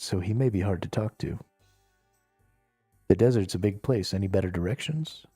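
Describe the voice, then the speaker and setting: A haughty stray cat that talks down to humans and calls them names, as a man puts it on. The voice sits a little high with a mellow tone and sounds dry and close, with faint music underneath. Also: no echo, close to an everyday voice. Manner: haughty, scolding, insulting. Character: bossy, snarky free stray cat, male. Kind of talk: reading game dialogue aloud on a live stream.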